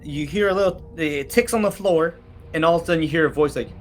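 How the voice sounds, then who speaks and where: A man narrating a tabletop game as its game master, in a halting way full of restarts. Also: fairly high pitch.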